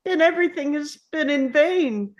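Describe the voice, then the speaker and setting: A woman's voice: high voice, lively intonation, normal speed, muffled recording. A woman reading the part of a timid, wondering young boy in a table read, speaking hesitantly and earnestly.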